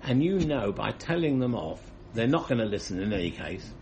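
Casting: male Talmud teacher, lively pitch, slightly gravelly voice, explains text by text. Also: fairly quick, a little hiss or hum. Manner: explains, translating line by line. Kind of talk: Talmud study class.

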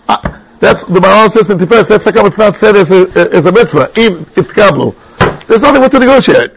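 A middle-aged man teaching a Torah class, telling personal stories with sudden high exclamations. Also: lively intonation, brisk, slightly rough, low-quality recording.

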